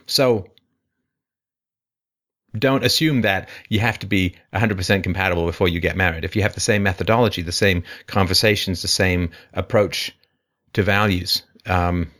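A man hosting a call-in advice show, talking emphatically with rhetorical questions and lively swings in pitch. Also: normal speed.

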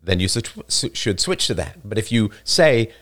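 This livestream host, a man in his fifties, lectures a listener in an argumentative, emphatic way while answering comments, with an occasional chuckle. His lowish, somewhat bright voice has lively intonation and a moderate pace.

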